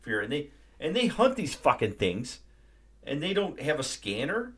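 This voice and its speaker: A man's voice: fairly high pitch, huge pitch swings, a little slow. A man hosting a live stream, ranting casually and profanely about a movie. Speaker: livestream host.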